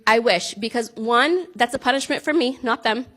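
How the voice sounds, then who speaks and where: A woman speaking to a group of parents in an easygoing, conversational way. Her voice sits a little high, and she keeps checking in with her listeners as she explains. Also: normal speed, a bit bright. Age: adult with a child. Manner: conversational, frequent "right?" check-ins, laughs at herself. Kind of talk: informal talk to parents.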